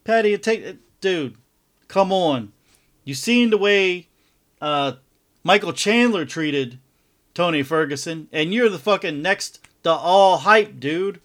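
A man's voice: high voice, expressive, slow pace, fairly bright tone. A man co-hosting a podcast, laid-back, laughing and chiming in during casual chat. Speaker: podcast co-host.

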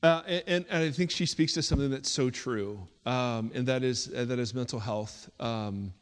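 A man's voice: medium pitch, normal speed. A man preaching as pastor, in a rambling style with many fillers that rises into a rhythmic preaching cadence. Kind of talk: sermon. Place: church hall. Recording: echoey hall reverb.

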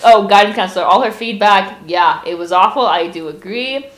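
A woman's voice: mid-range voice, moderate pace. A young woman co-hosting a podcast, chatting casually and bluntly about a movie. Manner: blunt, opinionated, animated. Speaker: podcast co-host. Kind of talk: casual movie review chat.

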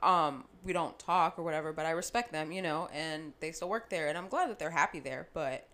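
A woman co-hosting a casual chat, telling a profane, animated story about her past work. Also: sits low, fairly quick. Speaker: podcast co-host.

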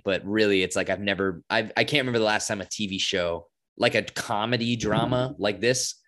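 A man's voice: fairly low pitch, pushed and bright. A young man co-hosting a podcast, chatting casually and enthusiastically with lots of fillers. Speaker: podcast co-host. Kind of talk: casual chat.

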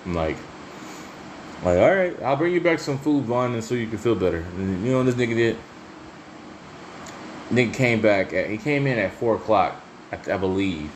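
A man's voice: fairly low pitch, moderate pace, pauses often, a little hiss or hum. A man hosting his own podcast, telling casual, profane stories and laughing as he goes. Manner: laughs often, swears freely, chatty and animated when telling stories. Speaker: solo podcast host. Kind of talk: casual profane storytelling monologue.

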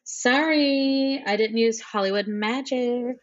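A woman's voice: on the low side, lively intonation, fairly quick. A woman co-hosting a podcast over a video call, teasing and cracking dry jokes. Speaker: podcast co-host. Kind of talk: casual chat. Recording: dull lo-fi call audio.

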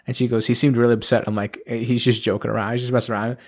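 A man's voice: medium pitch, very fast. A man co-hosting a podcast, telling stories in casual chat and acting out the people in them with frequent laughter. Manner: animated storyteller, acts out quoted voices, laughs often. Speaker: podcast co-host.

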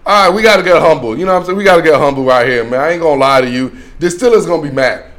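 Man, high voice, brash and hyped, casual football commentary, trash talk. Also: racing, a bit bright. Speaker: sports show host.

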